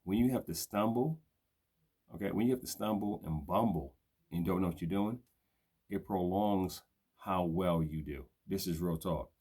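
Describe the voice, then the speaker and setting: Older Brooklyn man, very deep voice, New York accent, casual slangy live-stream host. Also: normal speed, breathy edge. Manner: streetwise slang, shouts out viewers by name. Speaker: host of a live video show.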